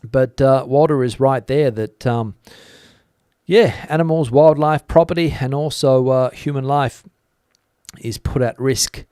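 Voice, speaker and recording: A man hosting a news channel from Spain, reading out viewer comments and musing on them in a relaxed way with many fillers. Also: medium pitch, measured pace, smooth, dry recording, studio quality. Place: lives in Spain.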